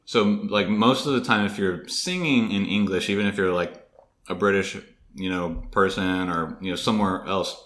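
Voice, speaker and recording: A man's voice: low-pitched, normal speed, fairly bright tone, reverberant. A young man in casual chat, explaining facts and trivia to a friend.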